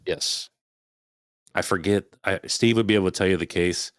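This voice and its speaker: Deep-voiced man telling a story. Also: steady tone, normal speed, no echo, clean studio sound. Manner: swears freely, retells his own past thoughts aloud; imitates sounds while telling a story. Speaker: podcast guest. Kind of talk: casual storytelling.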